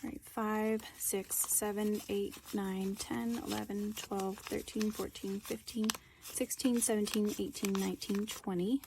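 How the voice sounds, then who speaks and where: Young woman, casual home vlogger, middle pitch, chatty, counts under her breath; faint background hiss. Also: steady tone, measured pace, vocal fry. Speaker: budgeting vlogger. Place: indoors, sitting on the floor at home.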